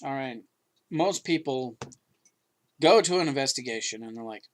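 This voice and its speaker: A man's voice: medium pitch, animated, moderate pace, long pauses. A man co-hosting a podcast, talking in an emphatic, rambling way with many restarts. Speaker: podcast co-host. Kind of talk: casual chat.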